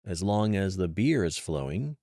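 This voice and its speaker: A man's voice: deep voice, very animated, normal speed, mellow, no echo, heavily acted. A man voicing a good-natured female scientist with a dry, teasing manner.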